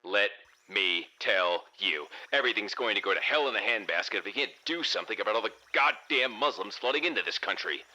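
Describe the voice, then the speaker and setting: Raspy gruff old guy over a ham radio, a man doing it, low-ish voice but sharp edge, menacing rants. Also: brisk, exaggerated voice, low-quality recording. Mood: ranting. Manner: low, menacing, rising with excitement. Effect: heard over a radio.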